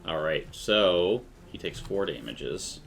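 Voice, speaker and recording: A man narrates as game master, his voice sitting very low. He stumbles through descriptions with frequent fillers and restarts. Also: animated, gravelly, a bit bright, slight background noise. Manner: halting, full of fillers and restarts.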